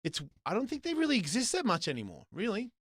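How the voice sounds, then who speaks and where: A man's voice: high voice, wildly swooping pitch, fast, a bit bright, slightly rough, no room sound, clean studio sound. A middle-aged Australian man hosting a casual chat, swearing freely and rambling through restarts. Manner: rambling, profane, lots of restarts. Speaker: host.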